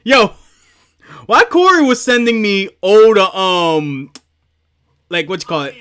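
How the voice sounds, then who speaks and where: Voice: medium pitch, expressive, slow, a bit bright, clean tone. A streamer chatting casually, rambling, swearing and laughing often while setting up a video.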